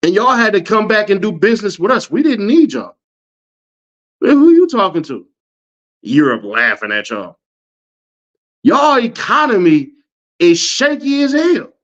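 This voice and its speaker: A man, an online commentator, ranting at viewer comments in animated slang and laughing often. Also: high-pitched, moderate pace. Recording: dull lo-fi audio.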